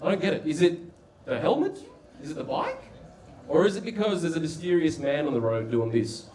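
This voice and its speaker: A man with an Australian accent doing an animated, mocking stand-up bit aimed at the audience. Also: on the high side, brisk, recorded from a distance. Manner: animated, mocking crowd work. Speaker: stand-up comedian. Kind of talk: stand-up comedy set. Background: loud crowd laughter.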